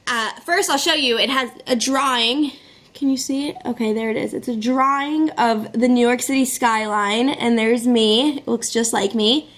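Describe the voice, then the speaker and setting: A young woman vlogger telling a story to the camera in an excitable, chatty way, with plenty of fillers. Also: fairly high pitch, moderate pace.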